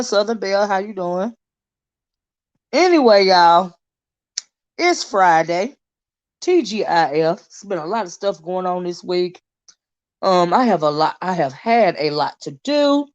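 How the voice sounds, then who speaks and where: A woman's voice: medium pitch, highs cut off. A middle-aged woman hosting a casual livestream, greeting viewers one by one by name and rambling through friendly asides. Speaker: livestream host.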